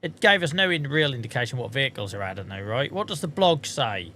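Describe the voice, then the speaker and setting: A man's voice: medium pitch, big pitch swings, fast, sharp tone, slight background noise. A man streaming a game, chatting casually in a self-mocking way and swearing casually now and then. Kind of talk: casual livestream chat.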